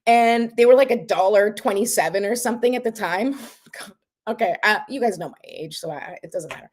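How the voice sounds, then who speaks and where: A woman's voice: mid-range voice, brisk. Middle-aged woman, life coach, casual livestream talk, chatty with lots of asides. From Canada. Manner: chatty, many asides, says "right?" and "like" often.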